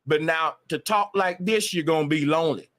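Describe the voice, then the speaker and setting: A man's voice: a little high, normal speed, fairly bright tone. A man on a livestream, ranting emphatically with a lot of profanity and repetition. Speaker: live streamer. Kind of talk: casual livestream rant.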